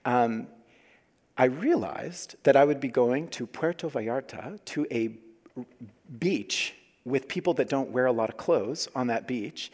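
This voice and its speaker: A man in his forties preaching a sermon as pastor, earnest, moving between loud emphasis and quiet hushed asides. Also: mid-range voice, expressive, measured pace. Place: church sanctuary. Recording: long hall reverb.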